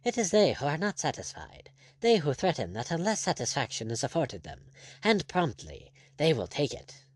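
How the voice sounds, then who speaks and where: Bold, ironic buccaneer captain, blunt and firm; read by a male narrator. Animated, dry recording. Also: fairly high pitch, normal speed, no room sound.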